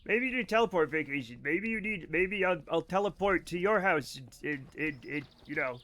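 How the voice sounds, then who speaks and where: Male game streamer, high voice, rambling and excitable, swears a lot, mock-angry banter with chat. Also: fairly quick. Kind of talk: casual live-stream chat while gaming.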